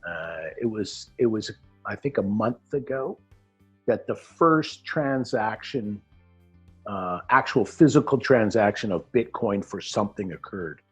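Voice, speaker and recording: A man's voice: lowish voice, lively intonation, unhurried, slightly rough. A man explaining things in a casual chat, telling anecdotes with many restarts. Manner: storytelling, acts out quoted characters, frequent restarts. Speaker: guest explaining Bitcoin mining. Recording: dull lo-fi audio with faint music.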